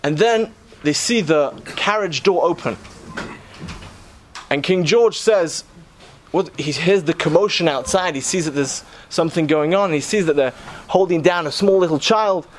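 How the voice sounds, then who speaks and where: A man's voice: fairly high pitch, unhurried, a little hiss or hum. A man preaching, telling a story earnestly and posing rhetorical questions to his listeners. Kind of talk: sermon storytelling.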